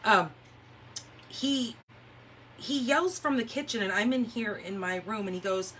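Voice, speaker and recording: A Californian woman livestreams paper crafting from a room in her home, chatting casually and laughing easily as she spins rambling stories. Her medium-pitched voice is unhurried and a bit bright, with a faint hiss or hum in the recording.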